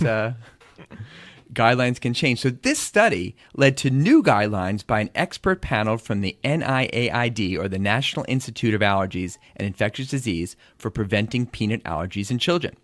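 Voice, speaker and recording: Middle-aged American man, podcast co-host and pediatrician, middle pitch, dry close mic, explains the numbers with a dry wit. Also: a bit bright, no echo. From United States. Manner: explains study figures at length, dry jokes. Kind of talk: casual chat about medical research.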